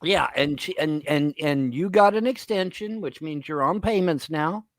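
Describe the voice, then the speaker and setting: A man hosting a live stream, telling a long profane story and then shouting angry threats at a caller. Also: on the high side, normal speed, no room sound. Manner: profane, rambling, retells others' words. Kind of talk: heated live stream chat.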